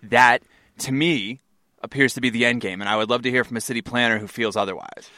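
Wry male radio co-host, bright tone. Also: mid-range voice, fairly even intonation, dry recording, studio quality. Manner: wry, opinionated, quick retorts. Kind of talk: casual talk radio banter.

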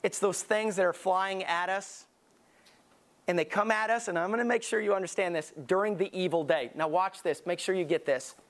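A man's voice: high voice, moderate pace. A man preaching a sermon as lead pastor, emphatic and conversational, telling vivid stories to drive his point home.

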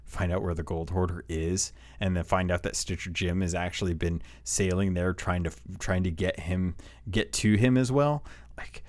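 A man with a slightly low voice gives casual, excited commentary on game lore. He rambles, trips over his words and restarts sentences as his enthusiasm runs ahead of him. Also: normal speed. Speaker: game lore video host.

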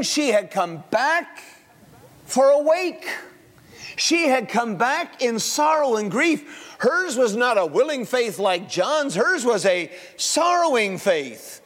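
A male pastor gives an Easter sermon in a storytelling way, with folksy humor. His voice is high and swings widely. A long reverb follows every phrase around the church. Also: a bit bright.

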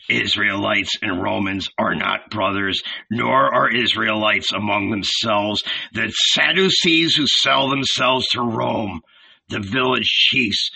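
A man's voice: mid-range voice, vocal fry, sharp tone, slightly rough, distant mic, exaggerated voice, rough recording. A man voicing Judas, a bitter, scornful red-bearded male zealot who grumbles, in a storybook reading.

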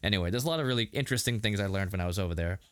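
A man co-hosting a casual podcast review, animated and laughing, with many restarts. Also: fairly low pitch, racing, clean tone, no room sound, studio quality. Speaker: podcast co-host.

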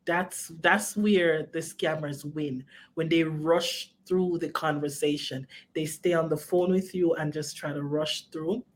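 Animated woman with a lilt. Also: deep voice, unhurried, hardly any pauses, a little hiss or hum. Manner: animated, repeats herself, frequent "you know what I mean". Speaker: film writer and director, guest. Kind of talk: casual interview.

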